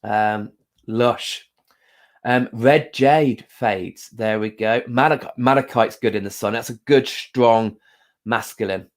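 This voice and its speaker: Slow, gentle male live-stream host. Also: medium pitch. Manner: gentle, unhurried, many pauses and fillers; greets viewers by name. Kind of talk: casual live-stream chat with card reading.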